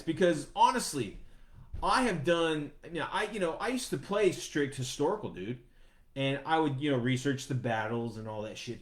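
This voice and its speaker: A man hosting a podcast, talking in a rambling, profane, animated way. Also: a little high, roomy sound. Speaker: podcast host. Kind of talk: casual chat.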